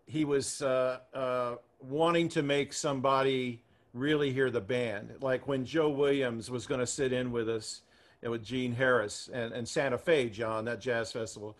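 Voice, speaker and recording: A man recalling his bandleader in casual storytelling, with a lot of laughter, and his voice climbing high whenever he quotes someone. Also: normal speed. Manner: animated, laughing, voice climbs high when quoting.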